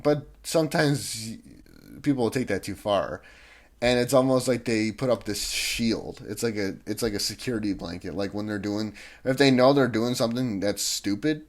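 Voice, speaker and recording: A man's voice: on the low side, moderate pace. A young man vlogging, ranting in a rambling, irritated way with many restarts and fillers. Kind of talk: casual ranting monologue.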